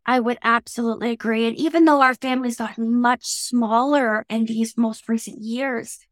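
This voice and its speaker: Canadian woman interview guest, fairly high voice, measured, reflective, dry close recording. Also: fairly even intonation, dry recording. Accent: Canadian English.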